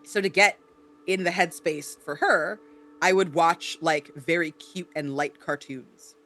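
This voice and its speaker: A man co-hosting a podcast in casual chat, animated and explanatory, often tagging on "right?". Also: fairly high pitch, unhurried. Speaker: podcast co-host. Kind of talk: casual chat about tabletop role-play.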